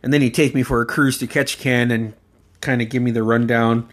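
A man from Alaska telling stories on his podcast in an easy, meandering way. He laughs often, curses casually and circles back on himself, his voice sitting at an ordinary middle pitch. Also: fairly even intonation, fairly quick. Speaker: podcast host. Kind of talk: casual personal storytelling.

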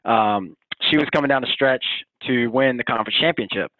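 A man's voice: medium pitch, brisk, no room sound. A man, a college golf coach, telling a story with energy and enthusiasm in a casual interview. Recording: tinny phone line.

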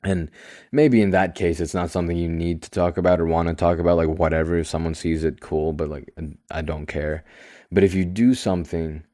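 A young man hosting his own podcast, talking calmly and slowly in a rambling, self-deprecating way. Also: deep voice, no room sound. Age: young adult. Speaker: podcast host. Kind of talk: casual solo podcast monologue.

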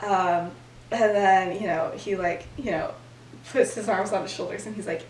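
A young woman casually retelling a story as a podcast host, giggly and animated, with lots of fillers. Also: medium pitch, normal speed, far from the mic, slight background noise. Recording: echoey room, voice off-mic.

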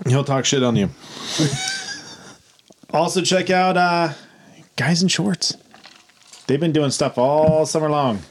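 A man's voice: fairly high pitch, slow, pauses often, a little hiss or hum. A man co-hosting a casual podcast, teasing his friends and reading out the show plugs. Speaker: podcast co-host. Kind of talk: casual banter. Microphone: studio mic.

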